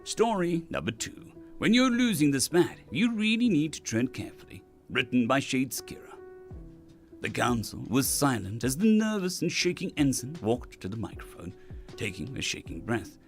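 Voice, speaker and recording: A man narrating sci-fi short stories aloud in an expressive reading style. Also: medium pitch, normal speed, soft background music. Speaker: narrator, streamer.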